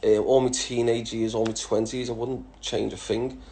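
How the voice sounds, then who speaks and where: A man's voice: mid-range voice, level tone, normal speed, mellow. A man in his thirties with a Liverpool accent, answering follower questions in a blunt, laughing, heavily swearing chat. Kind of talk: casual Q&A chat.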